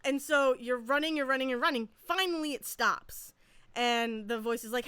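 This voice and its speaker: A woman co-hosting a podcast, telling a story in a casual, animated way and laughing often. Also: high voice, normal speed, clean tone, no echo. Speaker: podcast co-host. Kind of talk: casual chat. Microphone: podcast mic.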